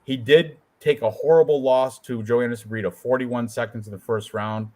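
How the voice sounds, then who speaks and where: Guy joking around while going over his fight picks, pretty animated. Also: medium pitch, normal speed. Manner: joking, animated, puts on quoted voices. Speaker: co-host picking fights. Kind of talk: casual chat.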